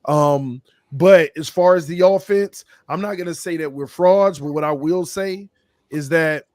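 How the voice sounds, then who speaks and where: Sitting on a roundtable panel as a team fan, a man who is losing his voice gives an emphatic, slangy take in a casual sports debate, talking in fast bursts. His voice is a little high and a little mellow, recorded dry with clean studio sound.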